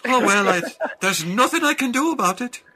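A man voicing a mischievous magical Irish leprechaun in a high, sing-song put-on lilt. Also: animated, moderate pace, pushed and bright, full character voice.

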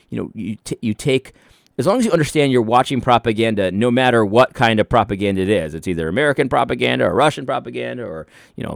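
A man's voice: medium pitch, vocal fry, dry recording, studio quality. A man giving a casual opinion monologue to his viewers, emphatic and explaining, often restarting and stuttering over his words. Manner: frequent restarts and stuttered repeats. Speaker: commentator.

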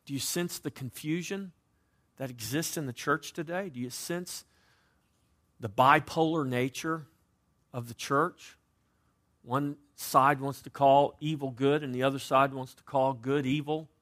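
A man preaching a sermon as pastor, with dynamic delivery that moves between loud emphasis and quiet, conversational asides. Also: mid-range voice, steady tone, measured pace. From United States.

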